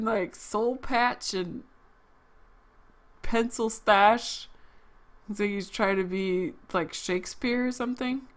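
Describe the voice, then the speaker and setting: A woman's voice: medium pitch, a bit bright. A woman game streamer reading game text aloud and reacting in a casual, giggly, wisecracking way.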